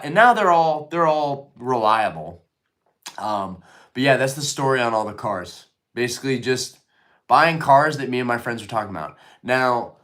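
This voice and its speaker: A man's voice: mid-range voice, fairly bright tone. A man hosting a casual live stream, rambling and swearing freely as he answers chat comments.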